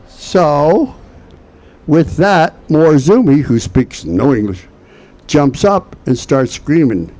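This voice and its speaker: Older man telling a lively anecdote. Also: mid-range voice, unhurried, a little hiss or hum. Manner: animated storyteller who acts out voices. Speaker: hall of fame inductee. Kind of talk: anecdotal speech.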